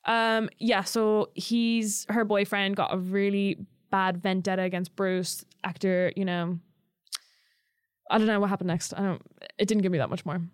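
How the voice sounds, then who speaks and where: A woman in her twenties co-hosting a podcast, chatting casually in an animated way and laughing often. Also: medium pitch, moderate pace, clear, resonant tone, no echo, clean studio sound. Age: 20s. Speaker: podcast co-host. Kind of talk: casual chat.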